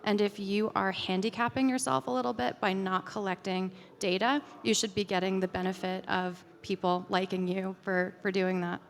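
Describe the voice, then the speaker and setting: Woman conference speaker, chatty and filler-heavy, mid pitch, hall reverb. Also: level tone, normal speed, vocal fry, few pauses. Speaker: conference speaker answering audience questions. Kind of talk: casual conference Q&A.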